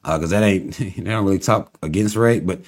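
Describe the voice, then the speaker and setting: A man with a deep voice speaks briskly while hosting a casual livestream. Talking to viewers and reading their comments, he rambles loosely, often laughing and teasing.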